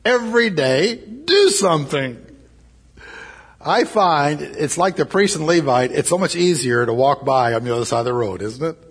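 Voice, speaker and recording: A man's voice: medium pitch, brisk, few pauses, husky. A man preaching a sermon, emphatic and repeating his key phrases. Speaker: pastor.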